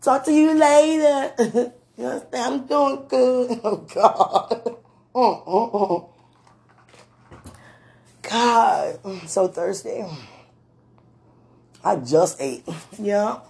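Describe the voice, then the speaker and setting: A woman in a casual talk to camera, laughing often, with loose slangy speech and warm words to a loved one. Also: mid-range voice, expressive, very slow, vocal fry, pauses often. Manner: affectionate, addresses a loved one.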